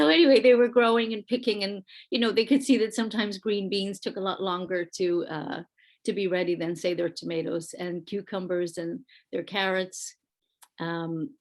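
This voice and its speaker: A woman, an early-years school leader, giving an earnest, conversational presentation with slides over a video call, with fillers and restarts. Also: mid-range voice. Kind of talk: online panel presentation with slides.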